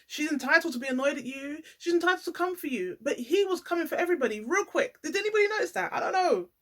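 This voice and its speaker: A woman giving a casual, animated vlog commentary, playing up the drama and talking straight to her viewers. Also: high voice, fast talker. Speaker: YouTuber reviewing a reality show.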